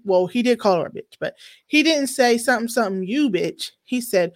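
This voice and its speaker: Brief: woman host, casual slangy commentary, a bit high, lively and opinionated. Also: a little fast. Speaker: show host.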